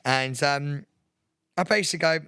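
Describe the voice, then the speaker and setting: A man co-hosting a podcast in casual chat, excitable and laughing often as he talks. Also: on the high side, moderate pace, smooth, no room sound, clean studio sound. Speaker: podcast co-host.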